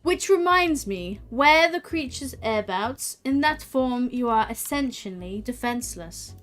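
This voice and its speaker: A woman voicing a calm, wise sorceress, reading game dialogue aloud in a measured, formal way with old-fashioned phrasing. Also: a little high, soft background music. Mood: composed.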